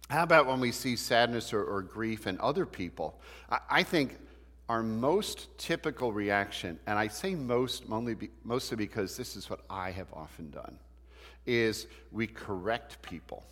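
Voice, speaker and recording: A man's voice: on the low side, fairly bright tone. A man teaching a church Bible class in a conversational way, asking the class questions as he goes. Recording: long hall reverb.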